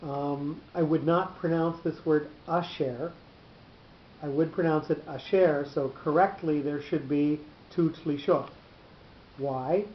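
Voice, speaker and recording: A man teaching a class, explaining patiently and slowly with frequent pauses. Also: on the high side, fairly even intonation. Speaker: teacher of Torah cantillation. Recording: roomy, dull, slightly noisy recording.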